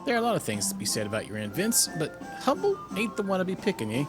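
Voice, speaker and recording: A man's voice: sits high, huge pitch swings, quick pace, music in the background, pitched above the performer's own voice. A man voicing a cheeky, simple-minded young stable boy with a mocking, rustic way of talking while reading game dialogue aloud.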